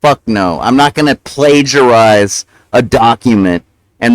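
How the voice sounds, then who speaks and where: Male streamer, casual profane rant, mouth half full, mid-pitched voice, dead-dry mic. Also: unhurried, dry recording, low-quality recording. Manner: ranting, profane, self-justifying; mumbling with mouth full while eating. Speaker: livestreamer. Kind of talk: casual rambling stream talk.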